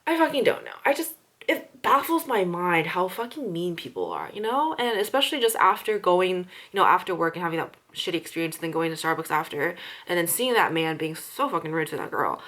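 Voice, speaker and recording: A woman's voice: on the low side, big pitch swings, fairly quick, fairly bright tone. A young woman who works as a restaurant server, ranting casually with lots of swearing and fillers. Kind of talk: casual chat.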